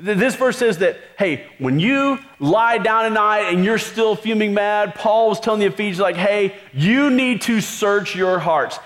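A pastor with a high voice preaches in a relaxed, chatty way, asking his listeners question after question. His words carry a long reverb, as in a large church hall. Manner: conversational, rhetorical questions, many "like" fillers. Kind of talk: sermon.

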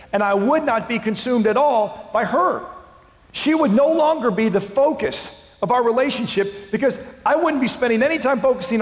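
Impassioned high-voiced male pastor. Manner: swings from hushed to impassioned shouting. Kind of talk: sermon. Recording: long hall reverb.

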